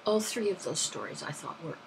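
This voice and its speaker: Gravelly-voiced woman telling stories. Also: on the low side, expressive, a little fast, a little hiss or hum, rough recording. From London, England. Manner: rambling, self-correcting, chatty. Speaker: vlogger. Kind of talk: casual anecdotal storytelling.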